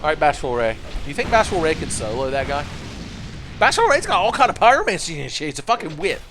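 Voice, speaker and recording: Brief: young male streamer, lively swooping delivery, crude running jokes. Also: fairly high pitch, quick pace, noisy background. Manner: rambling, profane and joking. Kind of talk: casual gameplay commentary.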